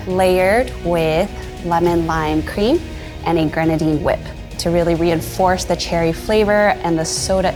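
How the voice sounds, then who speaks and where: A woman pastry chef presenting her dessert in a composed way, with frequent pauses. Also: on the low side.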